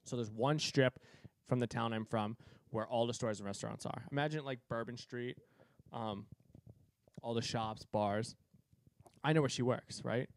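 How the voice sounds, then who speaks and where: A man in his twenties from Cape Cod, telling a story in a profane, animated way that is full of laughs. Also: mid-range voice, moderate pace, creaky, pauses often. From Cape Cod, Massachusetts. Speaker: podcast co-host. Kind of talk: casual storytelling.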